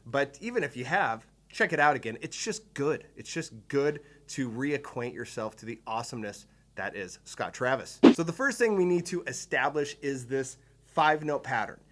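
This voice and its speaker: A man's voice: medium pitch, lively intonation, moderate pace, few pauses, a bit bright, a little hiss or hum. A man giving a drum lesson, explaining patterns step by step with enthusiasm and counting beats aloud. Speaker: drum teacher. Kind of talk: instructional video lesson.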